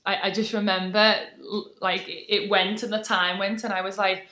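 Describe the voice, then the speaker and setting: A woman's voice: medium pitch, flat delivery, moderate pace, bright, forceful tone. A British woman in her twenties, a sportswoman telling her story in a casual podcast interview, chatty and full of fillers. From Britain. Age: 20s. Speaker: guest, taekwondo athlete.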